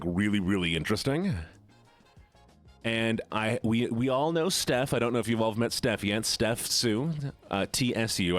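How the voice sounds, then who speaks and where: Male streamer, lowish voice with lively swings, rambly and playful, faint music underneath. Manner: rambling, playful, chatty with viewers. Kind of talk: casual live-stream chat.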